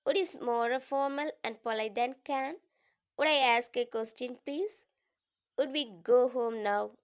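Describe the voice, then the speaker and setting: Woman, teacher reading a lesson, slow and careful, pitched a little high. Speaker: English teacher. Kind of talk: reading a grammar lesson aloud.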